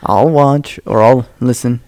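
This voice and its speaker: A man's voice: medium pitch, measured pace, darkish tone, dry recording. Laid-back man in a dry room. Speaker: podcast co-host. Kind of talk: casual chat watching a fight.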